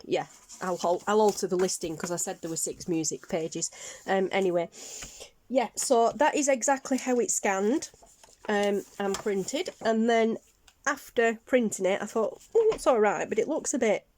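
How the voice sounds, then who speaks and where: With slight noise in the background, a Northern English woman talks unhurriedly through her crafts in a rambling show-and-tell, often saying um and correcting herself. Her mid-range voice has a darkish tone.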